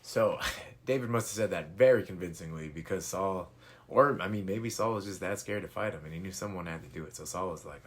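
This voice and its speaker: A man's voice: low voice, brisk. A man retelling a Bible story in a laid-back, slangy, casual way with lots of fillers.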